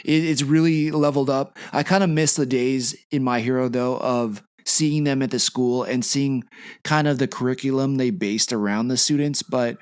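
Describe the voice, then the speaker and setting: A man's voice: medium pitch, fairly even intonation, moderate pace, clear, resonant tone, no echo, clean studio sound. A young man hosting a casual podcast, talking in a laid-back way as he steers the discussion. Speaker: podcast host. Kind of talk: casual chat.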